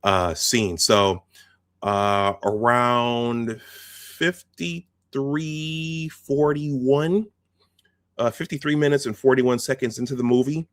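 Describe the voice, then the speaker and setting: A man's voice: mid-range voice, takes it slowly, no echo. A man hosting a video, casually recounting film scenes step by step and quoting the lines as he goes. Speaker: host.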